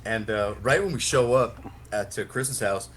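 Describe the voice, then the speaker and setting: A young podcast co-host spins a long, rambling anecdote full of swearing and frequent laughter. His voice is lowish and fairly bright at a normal speed, with a little hiss or hum in the background.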